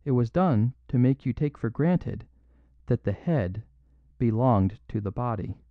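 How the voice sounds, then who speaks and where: A man reading an audiobook, voicing a gentle little priest who answers softly and calmly. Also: mid-range voice, unhurried, no echo. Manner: soft, even, mild replies. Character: gentle little male priest detective, calm and quietly odd. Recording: dull lo-fi dry recording.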